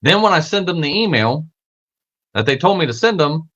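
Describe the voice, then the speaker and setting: A man talks through a casual podcast monologue in a bright, forceful voice. He is animated, swears freely and trips over repeated words. His pitch leaps whenever he acts out the people he quotes. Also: normal speed, lo-fi sound. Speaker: podcast host.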